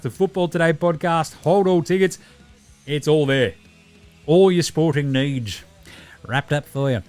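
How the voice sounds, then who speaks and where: A man with an Australian accent hosting a sports podcast, talking in a laid-back, jokey, slangy way. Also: a little high. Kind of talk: casual podcast chat and sign-off.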